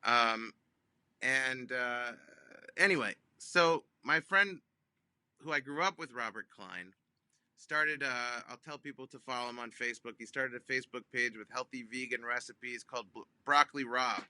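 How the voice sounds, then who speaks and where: A comedian, a man, telling a funny phone-call story in an animated way, with many ums and restarts, acting out both sides. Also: mid-range voice, normal speed, clean tone, no room sound. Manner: acts out both sides of phone calls with big voice jumps. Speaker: comedian guest.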